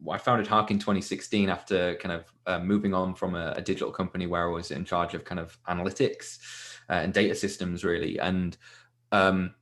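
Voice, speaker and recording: A man's voice: low voice, flat delivery, fairly quick, a bit bright. A man in his twenties from Leeds, a tech founder talking casually as a podcast guest, laughing easily. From Leeds, England. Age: 20s. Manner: casual, many fillers and restarts, laughs easily. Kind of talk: podcast interview.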